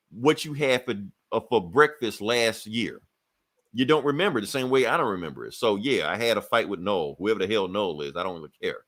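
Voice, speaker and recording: A man in a relaxed podcast chat recaps a comic book plot in a loose, animated way. He swears freely and slips into quick voices for the characters as he tells it. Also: mid-range voice. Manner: animated storytelling, acting out characters' lines, profane. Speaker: podcast co-host.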